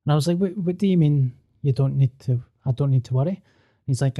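A man's voice: medium pitch, fast, mellow. A man co-hosting a podcast, telling a story in a casual, sweary way and acting out the dialogue. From Scotland. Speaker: podcast co-host.

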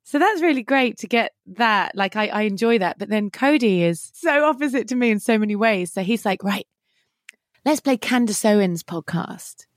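A woman's voice: a little high, expressive, brisk, few pauses, dry recording, clean studio sound. A woman chatting as a podcast guest, enthusiastic and gushing. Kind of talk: casual chat.

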